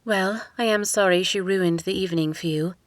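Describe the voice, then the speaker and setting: A woman's voice: mid-range voice, moderate pace, no room sound, close to an everyday voice. Woman voicing a poised, formal young princess. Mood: gentle. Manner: formal, gentle phrasing.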